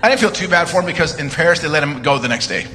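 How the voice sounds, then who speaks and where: Animated male preacher, bright voice in a reverberant hall. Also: a little high, racing. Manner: animated storytelling with joking asides and shouted commands. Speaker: guest preacher. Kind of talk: sermon. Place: church sanctuary. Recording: live church sermon, reverberant hall, music underneath.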